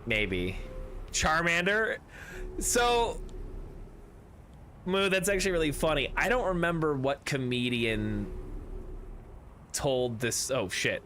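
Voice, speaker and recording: A man's voice: on the high side, big pitch swings, takes it slowly, long pauses, pushed and bright, a little hiss or hum. Rambling, joking man at a game table. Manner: rambling, jokey, swears casually. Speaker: streamer playing a tabletop game with friends. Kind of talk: casual game-table banter.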